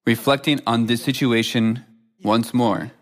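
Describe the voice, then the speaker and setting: A man preaching in a measured, solemn read-aloud style, quoting scripture between his points. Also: mid-range voice, fairly even intonation. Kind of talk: scripted sermon narration.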